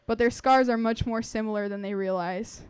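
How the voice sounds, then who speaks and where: Storyteller, wry and earnest, somewhat high, smooth voice. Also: female voice, steady tone, moderate pace, a little mellow, no room sound. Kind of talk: reading a personal story aloud.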